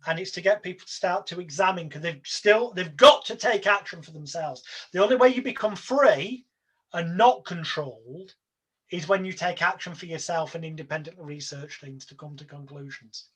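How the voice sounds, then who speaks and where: A man's voice: fairly high pitch, normal speed, a bit bright, slightly rough. A man talking emphatically and persuasively as an interview guest. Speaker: hypnotist guest. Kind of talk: casual interview talk.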